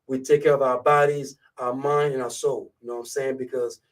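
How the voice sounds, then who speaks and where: Medium in pitch and a little fast, with little pitch movement, this man is heard via a distant mic on poor audio. He's a radio host from Côte d'Ivoire whose thick French accent colors a laid-back live show. Talking casually, he keeps looping back to his listeners and repeating "you know what I'm saying."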